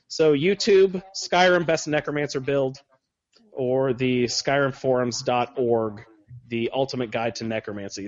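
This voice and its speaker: A man with a mid-pitched voice hosts a casual podcast, steering the talk and repeating details for listeners. His voice sounds a little dull and is recorded dry, with no room echo. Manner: friendly, wraps up segments, repeats details. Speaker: podcast host.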